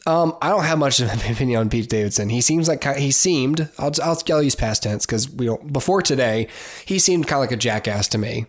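A man's voice: mid-range voice, expressive, a little fast. A man from the United States hosting a podcast on his own, talking in a casual, rambling way with many fillers and restarts, and giving blunt opinions. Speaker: podcast host. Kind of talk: casual solo commentary.

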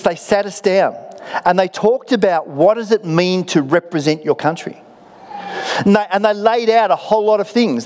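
A man's voice: high voice, darkish tone. A middle-aged Australian man preaching a sermon as a pastor, telling stories conversationally with self-deprecating humour. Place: church auditorium. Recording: long reverb of a large hall.

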